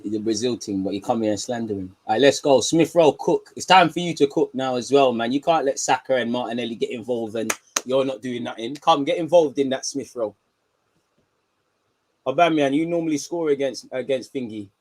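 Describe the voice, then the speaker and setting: A young man hosting a live football watchalong, talking in slang and swinging from low muttering to excited shouts. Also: brisk. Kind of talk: live match reaction commentary.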